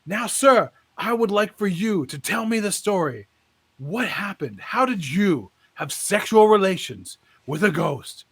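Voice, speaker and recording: A man voicing a showy, fervent male tent-revival preacher in a pompous preaching cadence with drawn-out pauses. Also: sits high, big pitch swings, fairly bright tone, slightly rough, heavily acted. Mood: probing.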